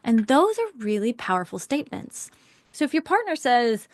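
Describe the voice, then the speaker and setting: A woman teaching an online relationship communication workshop, animated, asking rhetorical questions and acting out example phrases. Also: a little high, moderate pace, dry recording, studio quality. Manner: acts out example phrases in changed voices.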